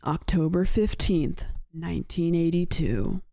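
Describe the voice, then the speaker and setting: A woman's voice: fairly low pitch, unhurried, warm tone, dry recording, clean studio sound. A woman live-streaming a game, chatting casually and reacting aloud as she plays. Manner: chatty, reacting and commenting aloud while playing. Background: game music.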